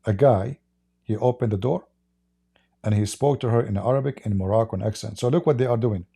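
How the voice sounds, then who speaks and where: A man hosts a livestream and tells a story in rushed, emphatic bursts of non-native English. His voice is dark, gravelly and a little husky. He presses every point hard. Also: fairly low pitch. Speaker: livestream host.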